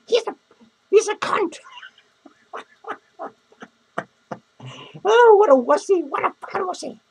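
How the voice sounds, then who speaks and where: Man playing Penny, a shrill foul-mouthed clown. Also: animated, slow, exaggerated voice, low-quality recording. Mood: mocking. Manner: crude, rambling rants full of cursing and cackling laughs. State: hungover. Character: foul-mouthed, lonely, hungover female clown. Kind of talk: comedic character monologue.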